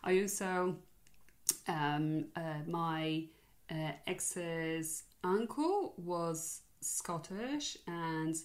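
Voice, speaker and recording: Young woman chatting, kinda low voice, hesitant and earnest, laughs a lot. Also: extremely slow. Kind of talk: casual chat.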